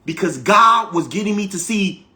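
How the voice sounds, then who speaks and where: A man giving an emphatic, preachy spiritual talk as a teacher, repeating phrases for effect and swinging between loud exclamations and quiet asides. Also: high voice, lively intonation, moderate pace. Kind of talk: motivational spiritual monologue.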